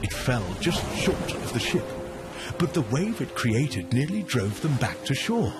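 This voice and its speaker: A male storyteller reads a myth in an expressive, emphatic way. His delivery is slow, and his pitch rises and falls widely. Clear music plays under his voice. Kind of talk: dramatic storytelling narration.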